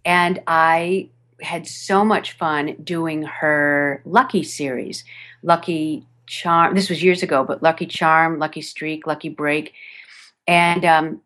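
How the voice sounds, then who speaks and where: A woman with a fairly low voice talks about her narration work in a relaxed interview. She speaks animatedly, laughs often and restarts her sentences as she goes. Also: slow. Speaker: audiobook narrator. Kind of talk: podcast interview chat. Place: home studio over a video call.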